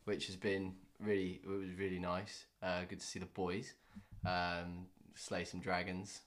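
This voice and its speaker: A man's voice: low-pitched, flat delivery, unhurried, a bit bright. A young man co-hosting a casual podcast, jokey, laughing often and restarting his sentences. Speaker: podcast co-host. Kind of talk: casual chat.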